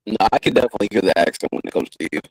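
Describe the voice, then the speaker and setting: A man hosting a podcast in casual chat, getting animated when he describes fights. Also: fairly low pitch, rapid-fire, gravelly, dry recording, low-quality recording. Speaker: podcast host.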